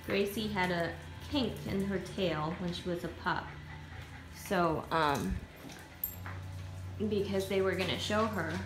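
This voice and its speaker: A woman's voice: on the low side, takes it slowly, pauses often. A woman boarding dogs who coos praise at them in a rising sing-song and chats casually about them. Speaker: dog boarder. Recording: echoey room with music behind.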